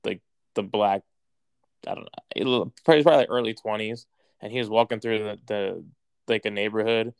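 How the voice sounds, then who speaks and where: A young man chats in a low, smooth voice, recorded very dry and close. He retells events in a rambling way, filling every pause with "like". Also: no echo. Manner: rambling, heavy use of "like". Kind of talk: casual conversation.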